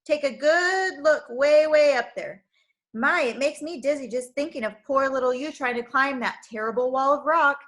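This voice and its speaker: A woman's voice: high-pitched, expressive, a little slow, a bit bright. A woman voicing a sneering, taunting male figure of fear who mocks and threatens in a storybook.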